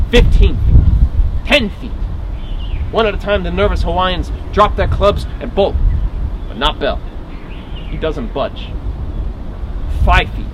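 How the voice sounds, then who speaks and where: A man playing a wry, dogged old-time marshal. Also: fairly high pitch. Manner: wry, vivid storytelling with grumbling asides. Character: 1850s kingdom marshal, wry and dogged lawman. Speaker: historical reenactor. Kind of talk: first-person dramatic monologue. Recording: outdoor recording with traffic noise.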